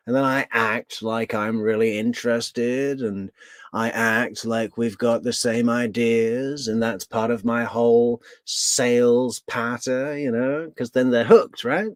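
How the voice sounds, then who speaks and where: Dry sarcastic guy talking slow over trial clips, dead close mic. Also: medium pitch, fairly even intonation, no room sound. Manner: mocking, sardonic, mimics in sudden outbursts. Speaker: true crime commentator.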